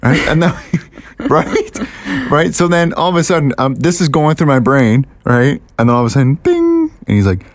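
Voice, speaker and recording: A man co-hosting a casual podcast chat, telling stories with lively mimicry and frequent laughs. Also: mid-range voice, normal speed. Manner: animated storyteller, mimics voices and laughs often. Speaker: podcast co-host.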